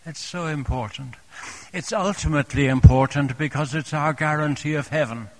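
Delivering a sermon at a moderate pace, this preacher has a slightly high voice. His tone is tender and gentle as he softly repeats phrases and addresses the congregation as dear friends.

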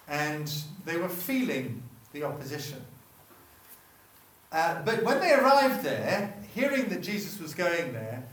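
A fairly high, slightly bright male voice carries a sermon full of chat and questions to the congregation, often stopping himself partway through sentences. He sounds distant, in a room with echo.

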